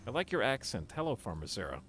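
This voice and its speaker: A man's voice: mid-range voice, very animated, fast talker, fairly bright tone. A man streaming a game live, rambling casually to his chat as he plays. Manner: rambling, talks to chat while playing.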